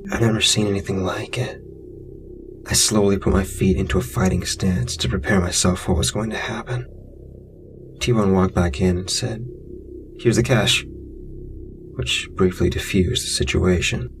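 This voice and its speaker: A man narrating a true scary story in the first person, blunt, profane and wry. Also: sits low. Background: music.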